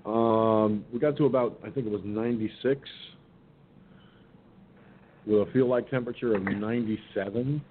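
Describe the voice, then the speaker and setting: A man's voice: fairly even intonation, normal speed, pauses often. An older man hosting an internet radio show, telling a long rambling story about his day with restarts and casual swearing. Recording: muffled phone-line audio with faint rumble.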